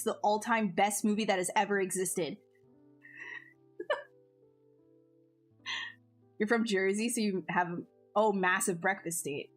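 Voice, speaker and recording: A woman streamer chatting casually with her viewers, bubbly and talkative, laughing often and restarting her sentences. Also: mid-range voice. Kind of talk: casual chat with live chat. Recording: faint music behind.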